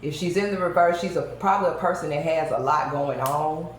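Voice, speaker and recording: A woman with a lowish voice reads tarot cards for her viewers. She is emphatic and talks straight to her audience. Her voice rings around a very echoey room with a faint hiss underneath. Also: fairly even intonation, a little fast. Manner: emphatic, addresses viewers directly. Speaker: tarot reader.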